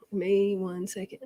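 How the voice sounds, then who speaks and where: A woman streamer in casual chat, relaxed and asking short questions. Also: mid-range voice. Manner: relaxed, asks short questions, laughs along.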